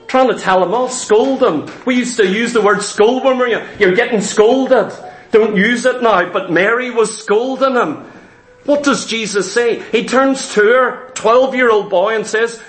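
A man's voice: very high-pitched, measured pace, a bit bright. A man preaching a sermon in a church hall, emphatic and repetitive, full of rhetorical questions. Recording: roomy echo.

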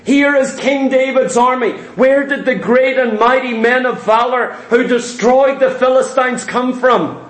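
A man with a very high voice delivers a sermon with emphatic, repetitive phrasing. His words ring out in an echoey room. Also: unhurried, hardly any pauses. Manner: emphatic, repetitive preaching, rising to shouts. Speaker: preacher.

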